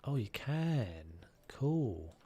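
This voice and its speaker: A man's voice: mid-range voice, very animated, extremely slow, mellow. A man casually chatting and musing aloud while live-streaming a game, now and then humming tunes.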